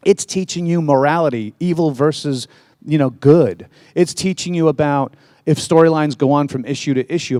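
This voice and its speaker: A man answering questions at a convention panel, joking and swearing in a loose, animated rant. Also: mid-range voice, no echo. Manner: profane, animated, jokey. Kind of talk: casual fan Q&A, rambling rant.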